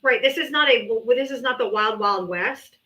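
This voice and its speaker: A woman's voice: on the high side, normal speed, pushed and bright. A woman hosting a live political talk, blunt, offhand and profane, on dull lo-fi audio. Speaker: host.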